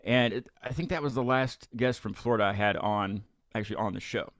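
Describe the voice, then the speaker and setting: A man's voice: on the low side, fairly even intonation, brisk, a bit bright, no echo, studio quality. A man hosting a live music talk show, chatting casually and rambling with frequent restarts and fillers. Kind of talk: casual live-stream chat.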